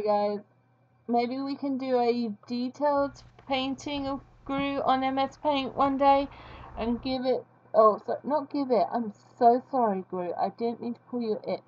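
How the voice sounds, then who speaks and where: A woman's voice: a little high, lo-fi sound. A woman giving casual, rambling, self-deprecating commentary while she draws for her video. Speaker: video creator.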